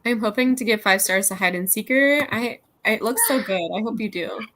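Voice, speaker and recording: A woman's voice: medium pitch, moderate pace, fairly bright tone. A woman hosting a reading livestream, chatting casually with friends over a video call and often breaking into laughter as she reads viewer comments aloud. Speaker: livestream host.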